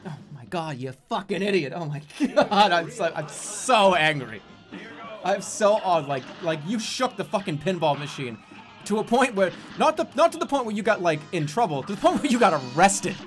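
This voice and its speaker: A man streamer giving casual gameplay commentary with a lively, animated voice. He breaks into loud, frustrated outbursts and cursing, then drops into quick, mumbled asides while reading chat. Faint music plays beneath him. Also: sits high. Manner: loud frustrated outbursts, swearing and laughing at the game. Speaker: game streamer.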